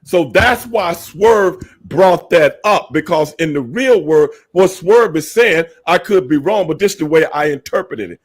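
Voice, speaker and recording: A man's voice: a little high, animated, measured pace, hardly any pauses, slightly rough. A man co-hosting a podcast, arguing his point emphatically with a lot of swearing and repetition. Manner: emphatic, profane, repeats points. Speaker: podcast co-host. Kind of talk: casual podcast debate.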